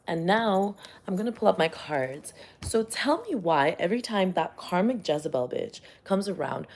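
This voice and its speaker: A woman's voice: low voice, creaky, darkish tone. A woman vlogging in casual chat, rambling and profane as she tells a story and reads tarot cards.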